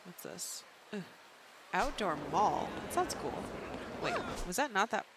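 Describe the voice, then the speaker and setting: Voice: medium pitch, big pitch swings, unhurried, very noisy. A game streamer giving casual, self-mocking commentary and reading menus aloud while playing. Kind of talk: casual let's-play commentary.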